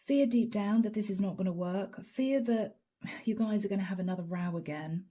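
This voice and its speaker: A woman giving a channeled tarot reading, speaking slowly and softly, sometimes dropping into a whisper. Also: mid-range voice. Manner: slow, soft, drawn-out delivery with whispered asides. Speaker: tarot reader.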